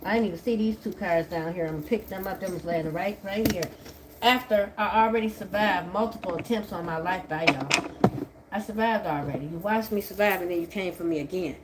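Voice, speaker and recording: A woman doing a tarot reading, talking in a profane, confrontational way that swings from a low mutter to shouting. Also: fairly quick, background noise. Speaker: tarot reader. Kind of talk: angry tarot reading monologue.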